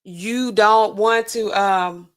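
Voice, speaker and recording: A woman pharmacist hosting a casual reaction commentary, talking in a sassy, colloquial, animated way. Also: extremely slow, clear, resonant tone. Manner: animated, sassy, colloquial, swings pitch for emphasis. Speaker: pharmacist host.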